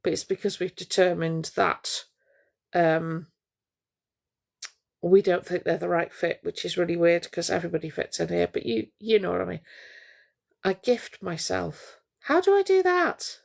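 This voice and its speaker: A woman's voice: fairly low pitch, expressive, a little slow, creaky. A woman hosting a casual live stream, chatting to viewers in a gossipy, teasing way.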